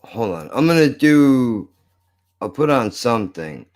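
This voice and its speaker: A man's voice: mid-range voice, very animated, unhurried, a little mellow. A man streaming live, ranting to his viewers with exasperated, muttered swearing. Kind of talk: frustrated off-the-cuff rant.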